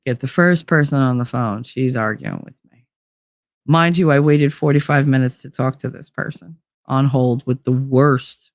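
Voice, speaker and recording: A woman's voice: sits low, dry recording. A woman vlogger telling a story as a blunt, profane rant in a casual chat.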